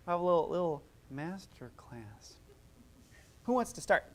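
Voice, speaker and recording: A music therapist leading a workshop teaches her group in a chatty, encouraging manner, often laughing as she demonstrates vocal sounds. She speaks at a normal speed in a fairly low voice with big swings in pitch.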